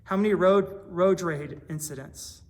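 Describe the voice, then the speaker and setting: High-voiced man preaching a sermon. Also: measured pace, darkish tone. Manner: earnest preaching with rhetorical questions and everyday examples. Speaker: pastor.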